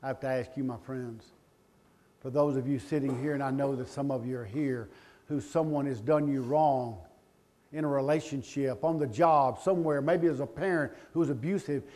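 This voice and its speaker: A middle-aged man giving a speech to a live audience, telling a personal story with passion, swinging between loud pleading and quiet, emotional confession. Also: medium pitch, normal speed. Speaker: motivational speaker.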